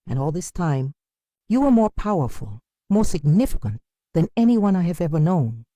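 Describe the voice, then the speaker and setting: A woman's voice: lowish voice, very animated, moderate pace, warm tone, no room sound, studio quality, voice pushed up. A woman voicing a remorseful adult daughter, tearful and pleading, with a broken voice.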